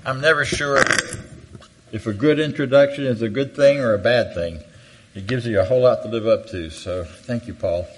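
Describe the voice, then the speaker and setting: An older man giving an animated, self-deprecating storytelling talk to a live audience on a handheld mic. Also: normal speed, a little hiss or hum, low-quality recording. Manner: animated, jumps high for quoted voices. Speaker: guest speaker. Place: hall with audience. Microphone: handheld microphone.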